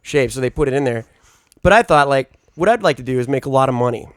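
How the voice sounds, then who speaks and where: Man, comedy podcast, mid pitch, rambling offbeat musings, dry sound. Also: expressive, fast talker, smooth, no echo. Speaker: podcast co-host. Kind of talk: casual comedic chat.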